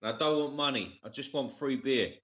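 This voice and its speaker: A man's voice: medium pitch, fairly quick, a bit bright. A man hosting a casual live stream. He swears a lot and greets viewers by name with slang like geezer and bruv. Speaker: livestream co-host. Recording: dull lo-fi live-stream audio.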